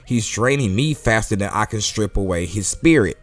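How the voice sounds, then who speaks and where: Vegeta, a man reading as a gruff, irritated warrior. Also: on the low side, expressive, normal speed, soft background music, close to an everyday voice. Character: proud, irritated male warrior.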